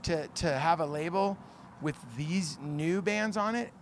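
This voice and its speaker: A man's voice: on the high side, a little slow, slight background noise. A man in his late forties from California, a label founder talking in a casual interview, earnest, rambling and self-mocking. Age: 40s.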